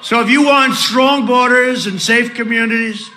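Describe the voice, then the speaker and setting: A man giving a political rally speech, introducing candidates in a boastful, repetitive, ad-libbing way, shouting his punchlines. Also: extremely high pitch, normal speed.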